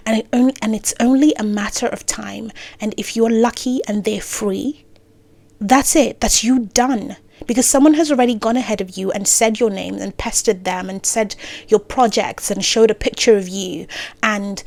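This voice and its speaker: A woman talking casually to camera with career advice, full of playful asides and self-corrections, sometimes dropping into soft near-whispers. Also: mid-range voice, no echo. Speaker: creator giving career advice.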